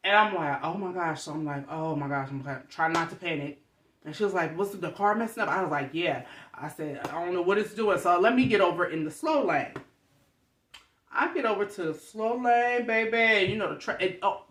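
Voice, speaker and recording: Young woman, vlogger, chatty animated storytelling, bright voice, roomy echo. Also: on the low side. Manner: animated, chatty, addresses viewers as y'all. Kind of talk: casual storytelling to viewers.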